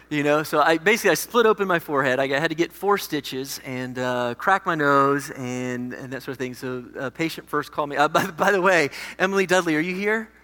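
A man's voice: fairly high pitch, sharp tone. A man, a pastor telling a personal story in a conversational, self-deprecating way during a sermon. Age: 40s. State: recovering from a head injury. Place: church hall. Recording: echoey hall.

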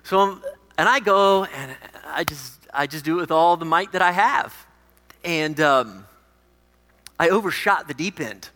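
Bright-voiced pastor in his forties. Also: a little high, expressive, unhurried. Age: 40s. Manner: conversational, self-deprecating storytelling. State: recovering from a head injury. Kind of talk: sermon with a personal story. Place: church hall. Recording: echoey hall.

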